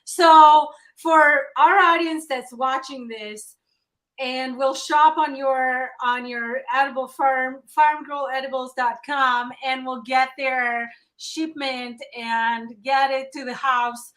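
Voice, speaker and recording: A woman hosting a live online interview, her voice high and bright in pitch. She gushes with enthusiasm and laughs along easily with her guest. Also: steady tone, takes it slowly. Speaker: host.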